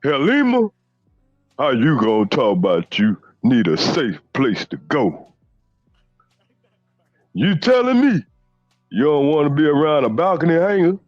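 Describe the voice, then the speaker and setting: A man's voice: on the high side, huge pitch swings, unhurried, long pauses, no room sound, highs cut off, faint music behind, exaggerated voice. A man doing a brash, profane ex-baller. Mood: boastful ranting. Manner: profane bragging, stammered restarts. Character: boastful drunk male ex-basketball star, arrogant. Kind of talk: comedic impression rant.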